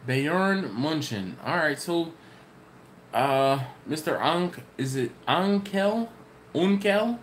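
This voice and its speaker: A man's voice: fairly high pitch, animated, takes it slowly, fairly bright tone, slight background noise. A man hosting a live barbecue channel stream, answering chat questions in a loose, rambling way and laughing often. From Maryland, US. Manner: casual, rambling storyteller with frequent laughs.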